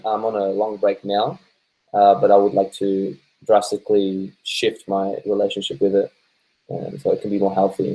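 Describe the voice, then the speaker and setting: A man's voice: fairly low pitch, dark tone, low-quality recording. A man with an Australian accent, stoned and laid-back, chatting casually on a live stream as he reads viewer comments aloud, swearing freely and laughing often. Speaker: live-stream host reading viewer chat.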